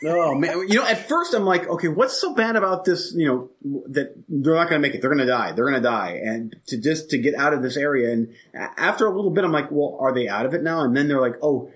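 A man in a casual film chat, relaxed and agreeable, sharing enthusiastic reactions at mid pitch. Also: fast talker, few pauses. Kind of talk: casual movie review chat.

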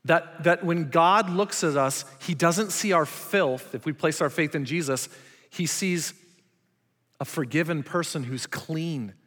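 Male pastor, fairly high voice, emphatic sermon delivery, long hall reverb. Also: a little slow, fairly bright tone. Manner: emphatic preaching, rhetorical questions to the congregation.

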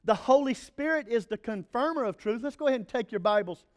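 High-voiced preaching man. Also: quick pace. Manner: animated preaching with playful asides. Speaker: pastor. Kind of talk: sermon.

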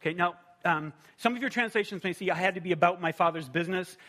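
A man preaching a sermon in a conversational, animated way, often asking rhetorical questions. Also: high-pitched, fast talker. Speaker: pastor.

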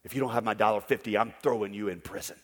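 A man's voice: fairly low pitch, fairly even intonation, very fast, big-room sound, voice pushed down, natural voice. A man doing a cold, curt debt collector. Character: harsh unforgiving male debt collector.

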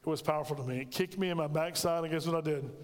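A man's voice: on the high side, racing, big-room sound. A middle-aged man preaching a sermon, telling a personal story and acting out the dialogue. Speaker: pastor.

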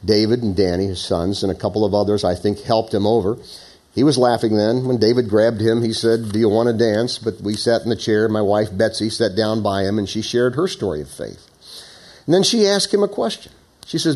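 A middle-aged man preaching a sermon, telling a story and reading scripture, dropping to hushed low lines and rising to loud, high emphasis. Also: brisk. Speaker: pastor.

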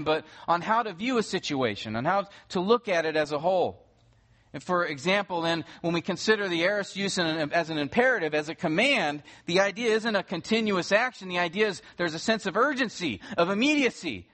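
With a slightly bright voice on the high side, a male pastor gives a sermon, unpacking scripture one step at a time. His manner is earnest, and he builds to urgent emphasis when he reaches the crucial moments.

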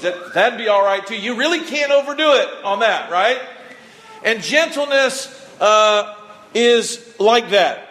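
A man's voice: sits high, bright, forceful tone. A man preaching a sermon as pastor, talking in a folksy, conversational way and calling for responses from the congregation. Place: church sanctuary. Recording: long reverb of a church hall.

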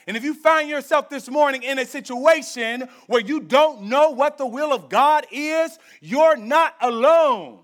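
Casting: a pastor with an unusually high voice, conversational preaching in a church. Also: male voice. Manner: conversational preaching, swings between loud emphasis and hushed intensity. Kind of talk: sermon.

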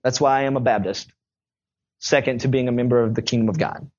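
A young male pastor preaching a sermon in a conversational, animated storytelling way. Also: medium pitch, fast talker, lo-fi sound.

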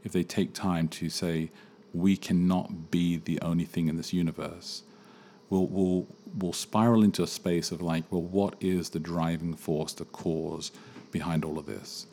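A man hosting a daily faith podcast, talking in an earnest, reflective way with halting restarts. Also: deep voice, level tone, warm tone, a little hiss or hum. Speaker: podcast host.

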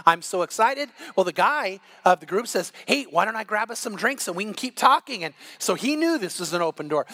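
A man preaching a sermon, retelling a story in a lively way and acting out the people in it with a changing voice. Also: sits high. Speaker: pastor.

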